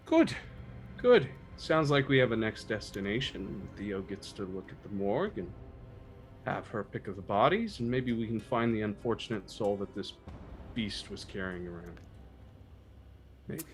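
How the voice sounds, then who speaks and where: A man's voice: fairly low pitch, sing-song, moderate pace, soft background music. Upbeat man playing a tabletop game. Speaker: player. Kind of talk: tabletop role-play chat.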